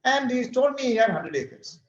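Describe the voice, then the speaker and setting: A man's voice: very high-pitched, normal speed. A man from India with an Indian English accent, speaking at a workshop and telling stories animatedly while acting out the dialogue. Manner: animated storyteller who acts out dialogue. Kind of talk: storytelling talk. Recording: roomy, dull-sounding recording.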